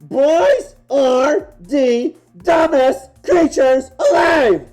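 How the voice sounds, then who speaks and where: A man's voice: extremely high pitch, extremely slow, a little mellow, soft background music, voice pushed up, full character voice. A man voicing a scornful, teasing young woman with mocking, theatrical disdain, while reading game dialogue aloud.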